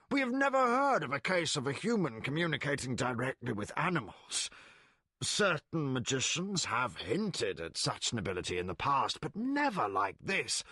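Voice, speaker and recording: A man voicing a kindly elderly male magician who speaks slowly and gently, full of wonder, in a dry studio read. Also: medium pitch, slightly rough, no echo, full character voice.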